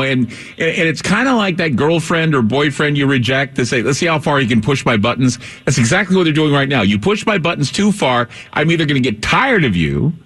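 A man's voice: on the high side, fairly bright tone, husky. A man hosting a late-night talk radio show, joking and rambling into a studio mic.

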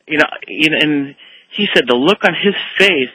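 A man's voice: on the high side, lively intonation, moderate pace, sharp tone, slightly rough, no echo, poor audio. A man calling in to a radio show, rambling through a story and acting out the quotes with animation. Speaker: caller.

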